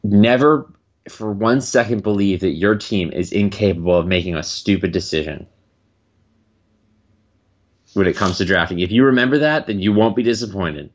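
Low-voiced man on a dull lo-fi mic. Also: moderate pace. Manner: wry, teasing. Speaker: podcast co-host. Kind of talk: casual sports podcast chat.

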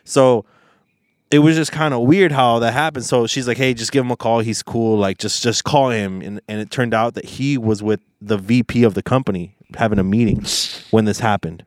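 A man's voice: medium pitch, fairly even intonation, moderate pace, no echo, clean studio sound. A young man hosting a casual podcast, retelling a story in a rambling way with lots of fillers and swearing. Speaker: podcast host.

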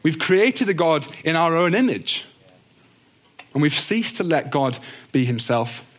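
Bible teacher, male, slightly higher voice, earnest and gentle delivery. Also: lively intonation, normal speed. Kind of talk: teaching talk on doctrine.

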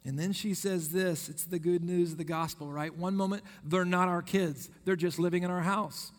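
Guy preaching a sermon, chatty storytelling, kinda high voice in a big reverby hall. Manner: storytelling, conversational with scripture quotes.

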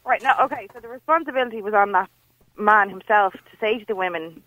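A woman's voice: mid-range voice, quick pace, dry recording, phone-quality sound. A woman co-hosting a radio show, talking bluntly and arguing her point. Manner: blunt, argumentative. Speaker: radio co-host. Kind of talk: casual radio chat.

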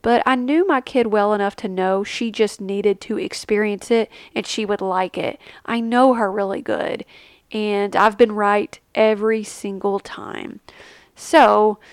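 A woman in her thirties talks casually through a family vlog, chatty and animated, with a mid-range voice. She leaps up in pitch when she acts out what others said. The sound is dry and close, with no room around it. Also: measured pace, clean tone, no echo. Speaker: family travel vlogger, mother. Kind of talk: casual vlog chat with tips.

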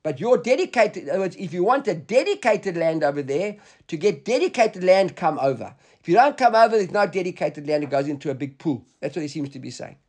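Guy with a high voice going through a talmud page, reads the then explains it. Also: sing-song, fairly quick. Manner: reads Hebrew and Aramaic text aloud then explains in English. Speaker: Talmud teacher.

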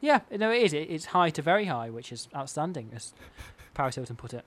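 A man co-hosting a comedy podcast, delivering absurd bits in a deadpan, mock-serious way. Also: on the high side, a little fast. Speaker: podcast co-host.

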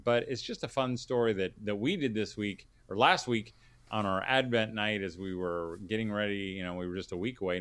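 A man hosting a podcast, chatting in a relaxed, hesitant way and then reading a story aloud to families. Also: lowish voice, no room sound. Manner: relaxed, hesitant, with many fillers. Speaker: podcast host.

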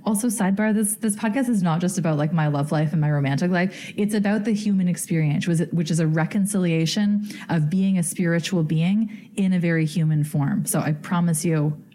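Woman, podcast host, lowish pitch, casual storytelling. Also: a little fast, hardly any pauses, warm tone. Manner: chatty, giddy, full of fillers.

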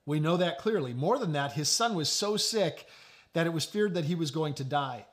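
A man's voice: expressive, moderate pace. Conversational male pastor telling stories. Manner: storytelling, conversational, drops to a low quiet voice. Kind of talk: sermon.

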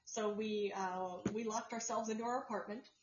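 A woman's voice: medium pitch, fairly even intonation, normal speed, background noise. A woman co-hosting a podcast in casual chat, explaining at length with plenty of fillers and restarts. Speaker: podcast co-host. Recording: roomy, dull lo-fi sound.

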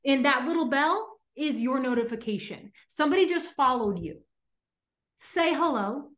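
A chatty woman hosting a podcast, her voice sitting a little high for a woman. She leans on filler "like"s and breaks into little acted-out examples. The recording carries a roomy echo. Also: animated, a bit bright. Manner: chatty, many filler 'like's, acts out quick examples. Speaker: podcast host. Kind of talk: casual podcast chat.

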